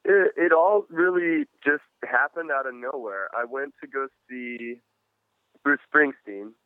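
A laid-back man, a musician, chats casually as an interview guest. His voice comes through a tinny phone line with a dry, close sound. He sounds relaxed and friendly. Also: mid-range voice, unhurried, no room sound.

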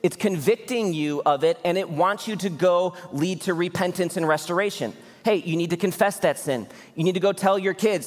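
A man's voice: sits high, moderate pace, hardly any pauses, soft background music. A man in his thirties preaching a sermon as pastor, talking earnestly and conversationally with direct appeals to his listeners. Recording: hall reverb.

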